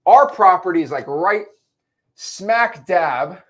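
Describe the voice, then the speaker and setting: A young man gives an animated real estate lesson, constantly checking that his listeners follow. His voice sits a bit high and swings widely in pitch. He breaks into put-on character voices as he explains. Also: slow pace. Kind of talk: whiteboard lesson.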